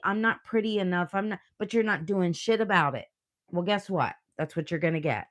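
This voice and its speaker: A woman giving a livestream tarot reading, blunt and earnest, swearing as she urges the listener on. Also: medium pitch. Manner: blunt, profane, motivational; earnest, emotional. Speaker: tarot reader.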